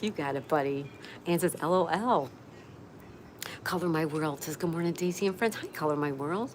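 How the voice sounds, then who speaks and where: A woman hosting a casual live stream, chatting and reading viewer comments aloud while greeting each person by name. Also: sits low. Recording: steady background noise.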